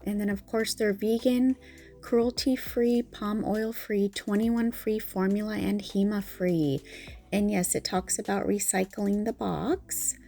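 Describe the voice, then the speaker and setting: A woman hosting her own channel, unboxing a product with gushing delight, gasps and soft whispered exclamations. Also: mid-range voice, fairly even intonation, measured pace, creaky, soft background music. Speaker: nail polish channel host.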